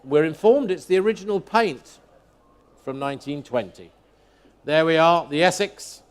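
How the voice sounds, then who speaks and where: A man working as an auctioneer, calling bids live in a brisk, rhythmic chant, repeating each figure as he asks for the next. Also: fairly high pitch, lively intonation, clean tone. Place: auction hall at a motor museum.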